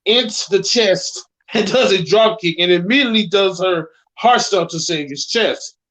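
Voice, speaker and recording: A man's voice: high-pitched, normal speed, a bit bright, poor audio. A man co-hosting an online show, reading a scripted wrestling storyline aloud, sometimes tripping over words and adding his own reactions. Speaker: co-host.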